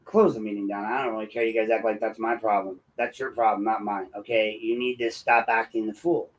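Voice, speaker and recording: A man's voice: mid-range voice, low-quality recording. Combative, sarcastic male commentary host. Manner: combative and sarcastic, talks straight at his critics. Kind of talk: opinionated commentary.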